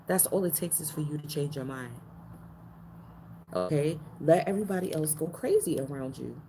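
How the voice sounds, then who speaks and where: A woman with a low voice gives a spiritual card reading in a loose, slangy way, repeating lines as she goes and jumping up in pitch for emphasis. Steady background noise runs beneath her voice. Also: moderate pace, poor audio. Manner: slangy, repeats phrases, animated pitch jumps. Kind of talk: casual card-reading livestream.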